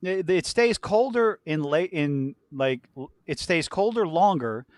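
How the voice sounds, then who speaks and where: A man's voice: a little high, animated, a little slow, no echo. Man, podcast co-host, from southern Louisiana, rambling, laughs a lot, dry recording. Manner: rambling, laughs often, swears. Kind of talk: casual chat.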